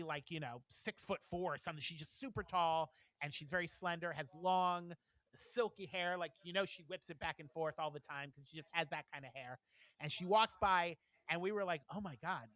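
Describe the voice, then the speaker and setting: A man telling a story on a podcast, with a bright, forceful voice and dry close-mic sound. He acts out the people in his story and laughs through the telling. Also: fairly high pitch, no room sound. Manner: animated storyteller, acts out quotes, laughs often. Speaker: podcast co-host. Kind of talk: casual chat, storytelling.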